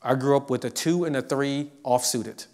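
A middle-aged man giving a humorous motivational university lecture, telling stories with lively delivery. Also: mid-range voice, normal speed. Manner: animated storyteller, acts out quotes. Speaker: professor giving a guest lecture.

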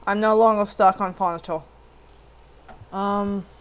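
A woman's voice: mid-range voice, fairly even intonation, measured pace, clear, resonant tone. A woman casually commenting as she plays a puzzle game, talking back at the screen with jokey frustration. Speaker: gameplay streamer. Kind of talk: casual let's play commentary.

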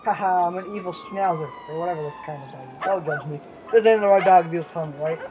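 A man's voice: high voice, fast, a crowd in the background, rough recording. A young man hosting a gaming video, giving playful, goofy commentary that drifts into sing-song. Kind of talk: casual game commentary.

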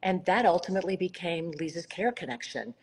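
A woman's voice: on the low side, lively intonation, a little fast, breathy edge, rough recording. A middle-aged woman from South Carolina, a nonprofit founder, telling her story in a heartfelt way on a live video call. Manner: warm, heartfelt storytelling with emphatic swells. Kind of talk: Instagram live conversation.

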